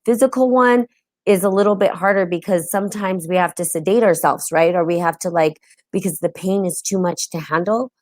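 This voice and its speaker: Chatty woman host with a low voice. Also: fairly even intonation, fairly quick, a little mellow, no room sound. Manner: chatty, often adds "right?" and greets viewers mid-talk. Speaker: host of a live-streamed spiritual talk show. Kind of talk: casual live-stream talk.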